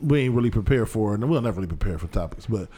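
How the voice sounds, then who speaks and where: A man co-hosting a podcast in casual banter, loud and profane, quick to laugh. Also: lowish voice, expressive, breathy edge. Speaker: podcast co-host.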